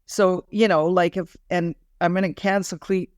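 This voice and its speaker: A woman co-hosting a spiritual wellness podcast in unscripted chat, animated and often restarting her sentences. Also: lowish voice, moderate pace, no echo, clean studio sound. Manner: animated, frequent self-restarts. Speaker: podcast co-host.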